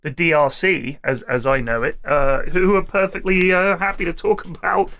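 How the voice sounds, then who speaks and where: A man's voice: fairly high pitch, steady tone, normal speed, sharp tone. A middle-aged man chatting casually as a podcast co-host, rambling through a story and swearing freely.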